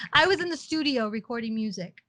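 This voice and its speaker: A woman's voice: sits high, sharp tone, dry recording. A woman co-hosting a podcast in casual chat, chatty and self-teasing. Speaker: podcast co-host.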